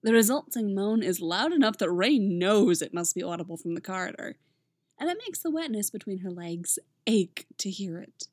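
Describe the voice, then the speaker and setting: A woman reading fan fiction aloud in a gentle, intimate storytelling manner. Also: medium pitch, lively intonation, moderate pace, no echo, studio quality. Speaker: audiobook reader.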